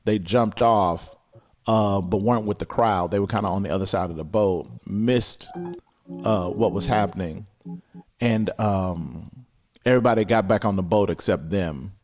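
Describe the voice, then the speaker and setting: Low-voiced preaching man, building intensity. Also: moderate pace, a little mellow. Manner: preaching with rising intensity and repetition. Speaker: pastor. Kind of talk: sermon.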